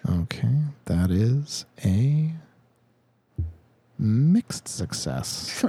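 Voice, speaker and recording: A man's voice: on the low side, very animated, very slow, warm tone, breathy edge, no room sound. A man narrating a tabletop game as dungeon master, laid-back and casually swearing.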